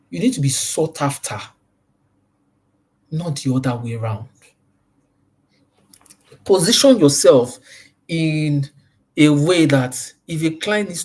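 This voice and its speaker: A man's voice: a little high, darkish tone, husky. A man giving a sales training talk, pressing each point hard and repeating key phrases. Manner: emphatic and repetitive, stresses points by repeating them.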